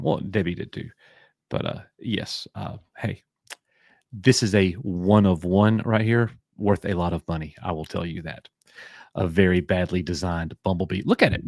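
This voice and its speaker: A man's voice: on the low side, no echo, clean studio sound. A man from Alabama with a Southern accent, hosting a casual live stream, joking and bantering as he reads names from chat.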